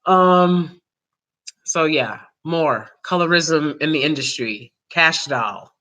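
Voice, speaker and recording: A woman hosting a vlog, giving casual opinion commentary in a rambling way, full of fillers and quick laughs. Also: low voice, lively intonation, a bit bright. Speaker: vlog host.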